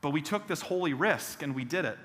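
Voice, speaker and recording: A pastor with a fairly high, brisk voice preaches a sermon in a church sanctuary, where a long reverb tail trails his words. He's animated, telling personal stories and acting out the voices of the people in them with self-deprecating humor.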